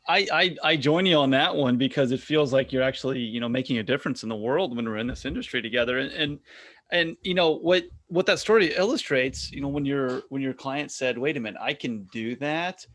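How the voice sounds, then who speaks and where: A man hosting a podcast interview, speaking in a halting way with frequent restarts and "you know.". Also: medium pitch, fairly bright tone. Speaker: podcast host. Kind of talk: casual interview chat.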